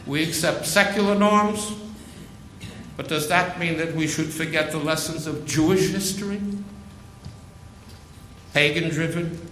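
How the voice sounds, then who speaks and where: A man preaching a sermon, slow and emphatic, repeating phrases for weight. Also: a little high, a bit bright, reverberant, slight background noise, low-quality recording.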